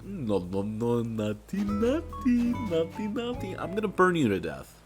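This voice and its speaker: A man's voice: on the high side, huge pitch swings, unhurried, over music, pitched above the performer's own voice. A man voicing a grown male hero who taunts in a sing-song way and gleefully threatens. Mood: taunting.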